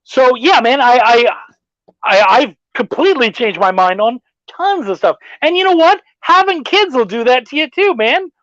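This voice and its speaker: Profane, animated middle-aged man. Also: extremely high pitch, moderate pace, no echo. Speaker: podcast host. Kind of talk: casual chat. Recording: dull dry lo-fi sound.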